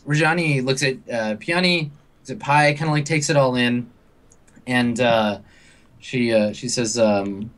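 A man narrates scenes as game master for a tabletop role-playing game. He speaks haltingly, with many pauses and filler sounds between his descriptions. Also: medium pitch, fairly even intonation, a bit bright. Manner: halting, full of ums and uhs.

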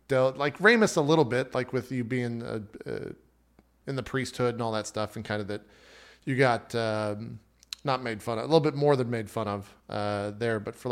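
A man talks at an ordinary mid pitch in a loose, casual chat. He is enthusiastic and rambling, and he laughs often. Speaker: tabletop game player.

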